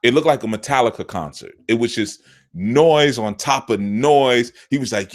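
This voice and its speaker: A middle-aged man, a spiritual teacher, talking casually and telling stories, often jumping high into quoted voices. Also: normal speed. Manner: animated, jumps into quoted voices with big pitch swings. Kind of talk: casual storytelling talk.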